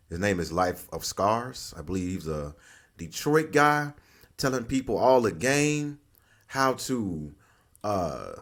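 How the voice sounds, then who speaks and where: A man's voice: medium pitch, a bit bright. A man hosting his channel, giving loose, slangy reaction commentary and laughing often. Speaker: channel host.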